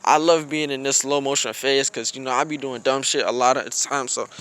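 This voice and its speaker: A man's voice: medium pitch, steady tone, brisk, fairly bright tone, smooth. A young man telling a rambling, slang-filled story outdoors in the snow, often restarting his sentences. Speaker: vlogger. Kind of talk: casual storytime.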